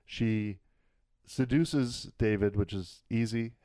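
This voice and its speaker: A podcast co-host with a warm, lowish voice casually recaps a TV episode, laughing as he retells the scenes. He throws in quick acted quotes, and the studio sound is clean with no echo.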